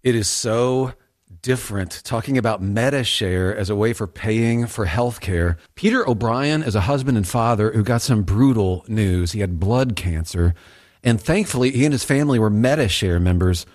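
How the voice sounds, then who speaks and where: Male announcer with a lowish voice for a sponsor spot, persuasive read. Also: moderate pace. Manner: persuasive, steady pitch. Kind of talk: radio ad read.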